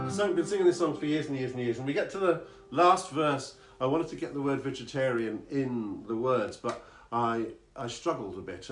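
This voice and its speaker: A man who sings and writes songs, chatting on a live stream between comic songs, rambling and making fun of himself. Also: medium pitch. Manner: rambling, self-deprecating asides. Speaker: singer-songwriter performing live. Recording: echoey room, guitar playing.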